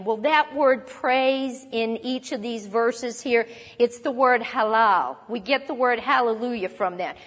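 Woman preaching, high voice, lots of hall echo, acts stuff out. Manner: expressive, acts out quotes. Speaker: Bible teacher. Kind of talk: sermon.

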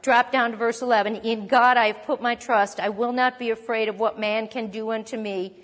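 A woman teaching a sermon on a psalm, expressive and lively, acting out quoted lines. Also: a little high, normal speed, in a large hall. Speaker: Bible teacher.

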